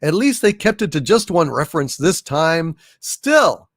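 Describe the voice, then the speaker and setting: A man's voice: on the high side, expressive, moderate pace, no echo, studio quality. A man hosting a casual live stream, reading viewer messages and thanking donors in a grand, effusive way. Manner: effusive, thanks donors with grand hails, hums little fanfares. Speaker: livestream host.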